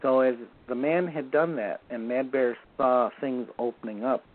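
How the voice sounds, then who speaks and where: A man telling a personal story in an unhurried, conversational way, often restarting his sentences. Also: mid-range voice. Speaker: guest recalling a medicine man. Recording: tinny phone line.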